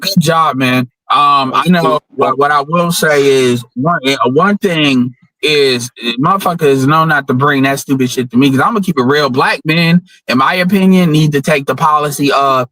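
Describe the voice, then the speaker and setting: A man with a high voice, recorded dry and close, hosts the chat. He talks bluntly and with plenty of profanity as he lays out his opinions. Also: moderate pace, hardly any pauses, sharp tone, no room sound, poor audio. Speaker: host.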